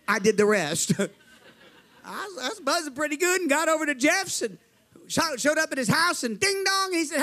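A man's voice: very high-pitched, big pitch swings, moderate pace, sharp tone. A man preaching a fervent sermon, telling his testimony, calling to the crowd and acting out the voices in his story.

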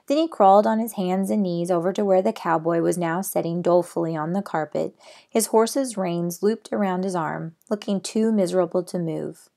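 With vocal fry in her low voice, a middle-aged woman gently and plainly reads from a children's novel. Afterward she chats about the chapter in a relaxed way.

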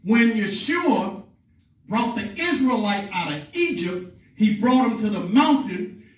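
A man's voice: high voice, lively intonation, a little slow, fairly bright tone. A man preaching to his congregation, retelling scripture in plain, informal talk and calling on his listeners to follow along. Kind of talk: teaching sermon. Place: meeting room with a congregation. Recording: echoey room, voice from far off.

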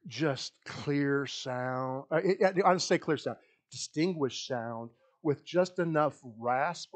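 A male pastor giving a sermon, talking in a halting, rambling way with many restarts, often dropping to a soft, low voice as he reflects.

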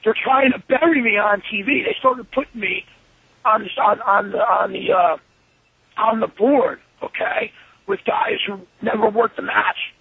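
A man in an interview, telling an animated, profane story and acting out what was said. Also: high-pitched, a little slow, creaky, slightly rough, dry recording, narrow, tinny audio. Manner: animated, profane, acts out his own quotes. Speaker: interview guest.

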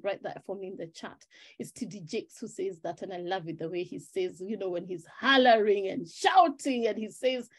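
A woman life-purpose coach giving an animated webinar talk, often asking "right?" and reading out viewers' names and chat replies. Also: medium pitch, a little fast. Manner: animated, testimonial, keeps checking in with "right?".

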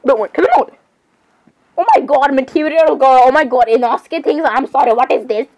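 High-voiced excitable teenage girl. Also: moderate pace, rough recording. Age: teens. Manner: rambling, dramatic, excitable. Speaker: gamer. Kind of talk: casual gameplay chatter.

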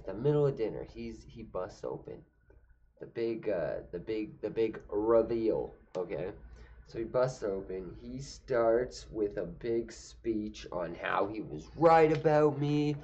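A man's voice: on the low side, expressive, unhurried, darkish tone. Young man, casual comedic storytelling, rambling, profane, muffled lo-fi audio. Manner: rambling, profane, lots of fillers and restarts. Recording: dull lo-fi recording.

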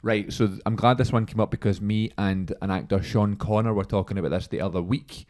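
A man's voice: fairly low pitch, fairly even intonation, a little fast, a little mellow. A man in his twenties hosting a podcast, chatting casually and rambling through anecdotes with lots of "like"s. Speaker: podcast host. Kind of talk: casual chat.

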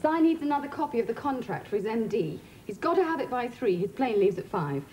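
An actress playing a crisp, dryly witty personal assistant in a studio sitcom. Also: female voice, on the high side, big pitch swings, brisk, a little mellow, a little hiss or hum. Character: dry, witty young woman personal assistant Emma. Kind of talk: 1980s studio sitcom acting. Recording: roomy studio.

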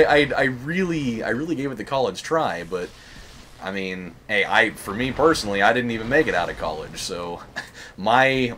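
A young man hosts a let's-play with a lowish, slightly bright voice, rambling and joking through casual commentary. He swears and says "like" constantly, with a little background noise in the recording.

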